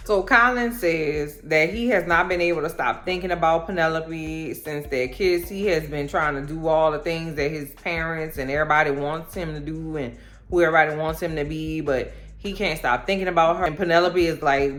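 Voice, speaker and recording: A woman's voice: low-pitched, steady tone, normal speed, a bit bright, soft background music. A woman, chatting casually and animatedly as she recaps a TV show and acts out the characters' lines in slangy storytelling. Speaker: recap vlogger.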